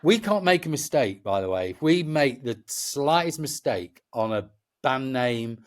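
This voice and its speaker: A middle-aged Englishman talks as a guest on a chat show. His voice sits at an ordinary pitch, and he speaks passionately. He rambles and restarts his sentences again and again. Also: lively intonation, unhurried. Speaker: festival promoter, guest. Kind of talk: casual chat.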